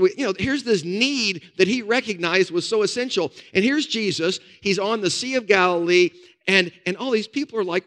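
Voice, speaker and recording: Folksy male pastor with a higher voice. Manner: folksy storytelling, lively asides. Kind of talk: sermon.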